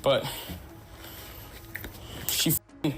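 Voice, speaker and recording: A man's voice: extremely slow, a bit bright. A young man ranting on a livestream, swearing heavily and repeating himself, worked up and bitter. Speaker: streamer. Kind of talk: angry livestream rant. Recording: roomy clip with music underneath.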